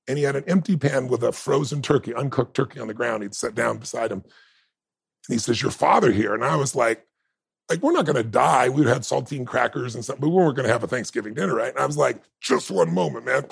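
A middle-aged man, a podcast guest, telling stories in an animated, emphatic way. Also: medium pitch, creaky, breathy edge, no room sound. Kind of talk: storytelling interview talk.

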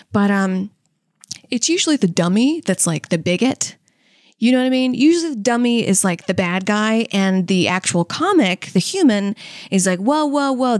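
A woman's voice: mid-range voice, a little mellow, no echo, studio quality. A young woman, a stand-up comic and co-host, telling stories casually. She acts out what people said and laughs often. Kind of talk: casual storytelling.

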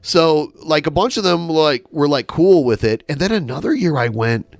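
Rambling Midwestern man, lively pitch. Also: normal speed, vocal fry, no echo. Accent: Midwestern American. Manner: rambling, anecdotal storytelling. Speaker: podcast co-host. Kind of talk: casual podcast chat.

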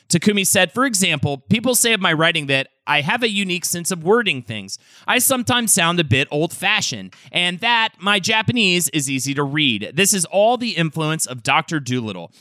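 Animated, bright-voiced man co-hosting. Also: fairly high pitch, no room sound. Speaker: podcast co-host. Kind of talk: casual chat about game history.

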